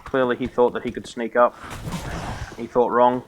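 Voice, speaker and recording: A man streaming a game from home who grumbles, swears and mutters his way through each attempt. His voice sits at a middle pitch and comes through a desk microphone with a faint background hiss. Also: level tone, moderate pace, highs cut off. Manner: exasperated, swearing, muttering to himself. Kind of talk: live gameplay commentary.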